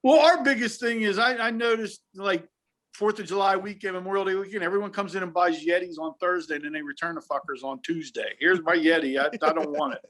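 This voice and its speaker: A man's voice: high voice, a little fast. A man telling profane retail stories on a remote call in casual chat. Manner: profane, animated storyteller. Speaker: guest, retail worker.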